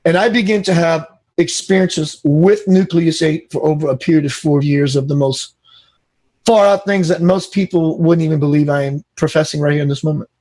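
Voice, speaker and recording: A man being interviewed as a spiritual teacher, telling an animated story and acting out the dialogue. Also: on the high side, normal speed.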